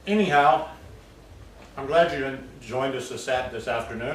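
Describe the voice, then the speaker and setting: A man's voice: medium pitch, moderate pace, long pauses, a bit bright, a little hiss or hum. A man chatting casually as a vlogger at his home, rambling and full of fillers. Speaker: vlogger making smoothies. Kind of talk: casual chat. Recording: roomy, distant mic, faint ambience.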